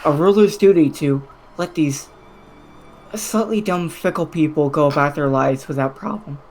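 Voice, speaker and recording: A game master voicing a wry, teasing middle-aged female ruler in a tabletop role-play, dry and unhurried. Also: medium pitch, soft background music, lightly acted, rough recording. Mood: musing.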